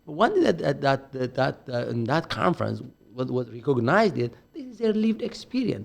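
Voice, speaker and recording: Gravelly, higher-pitched man, halting. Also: big pitch swings, a little mellow. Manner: repeats words, halting restarts, earnest. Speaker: podcast co-host. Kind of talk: casual podcast discussion.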